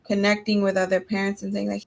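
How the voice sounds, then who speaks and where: A woman speaking softly and thoughtfully in a casual conversation about parenting. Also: mid-range voice, monotone, fast, creaky.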